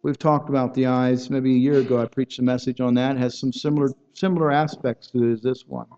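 A man's voice: mid-range voice, steady tone, fairly quick, warm tone, lo-fi sound. A man preaching a sermon, earnest and building in intensity, often repeating words and restarting phrases as he goes.

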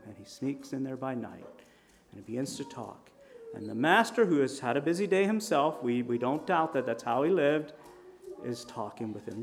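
A man preaching a sermon in a conversational storytelling manner, with lively shifts in volume. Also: mid-range voice, slight background noise. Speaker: pastor.

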